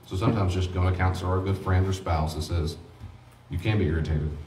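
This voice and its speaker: A man with a low voice teaches a grief class before a small group, talking fast and folksy. He acts out quoted exchanges. The sound is roomy and distant, with faint noise behind. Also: steady tone, darkish tone. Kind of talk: informal church teaching.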